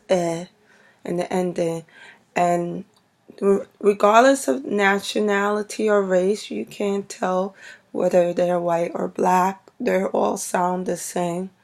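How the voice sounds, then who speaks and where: A woman with a Brooklyn New York accent, vlogging casually to camera in an unhurried, rambling way with many fillers. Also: fairly low pitch, darkish tone.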